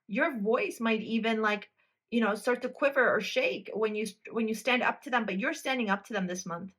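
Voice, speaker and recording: In a pick-a-card tarot reading, a woman with a sharp, mid-range voice talks directly to the viewer. She's blunt and emphatic and doesn't hold back on the swearing.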